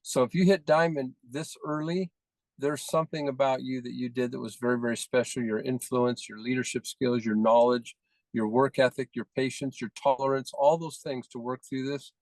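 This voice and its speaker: A man's voice: medium pitch, steady tone, moderate pace, a little mellow, dry recording, low-quality recording. A man leading a team call, praising members one by one in effusive, repetitive phrases. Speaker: team leader presenting recognitions.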